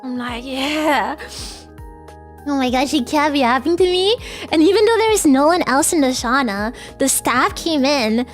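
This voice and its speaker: A woman streamer rambles through a story in a very high, squeaky voice, giggling often and leaning on filler words. Her pitch bounces all over the place, and faint music plays underneath. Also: animated, measured pace. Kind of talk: casual livestream storytelling.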